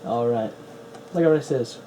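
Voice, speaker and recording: A man's voice: mid-range voice, normal speed, warm tone, a little hiss or hum. A man giving casual running commentary while setting up and playing old PC games, with wry, chatty asides. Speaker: retro PC builder and player.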